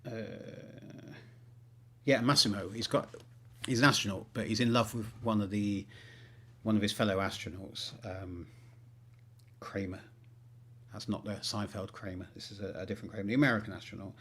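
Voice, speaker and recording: A man talks about writing on a livestream, rambling with many ums. His voice is low and somewhat husky, with a self-deprecating manner. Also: steady tone, moderate pace, fairly bright tone. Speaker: author. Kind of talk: livestream chat and reading aloud.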